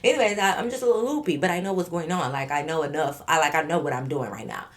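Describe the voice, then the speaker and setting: Female vlogger, lower register, animated storyteller who voices both sides of the story and swears freely. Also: fast. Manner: profane, addresses viewers as y'all.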